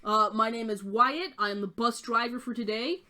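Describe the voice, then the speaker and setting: A woman's voice: fairly high pitch, moderate pace, bright, forceful tone. A woman voicing a polite, orderly halfling man who drives a bus, giving an announcer-style safety briefing. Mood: courteous.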